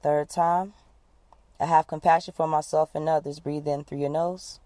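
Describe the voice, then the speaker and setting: A woman coach leading listeners through a guided breathing exercise, giving calm, repeated instructions. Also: low voice, normal speed, no room sound. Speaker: wellness coach.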